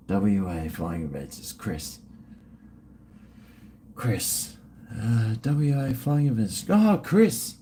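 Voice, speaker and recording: Slow rambling middle-aged man. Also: mid-range voice, mellow. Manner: rambling, mumbling, trails off, swears often. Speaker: livestream host. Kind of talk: casual livestream chat reading super chats.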